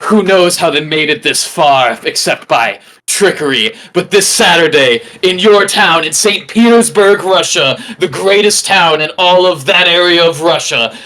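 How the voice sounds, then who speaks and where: A man playing a boastful heel wrestler, a thieving bandit, cutting an improvised wrestling promo with shouted threats. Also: on the high side, animated, measured pace, few pauses, rough recording. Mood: boastful, menacing.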